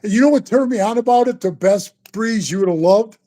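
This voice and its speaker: A man's voice: sits high, brisk. Guy in his 60s telling stories, swears a lot, bro this bro that. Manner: profane, animated, says bro and man a lot. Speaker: guest storyteller. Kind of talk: casual storytelling.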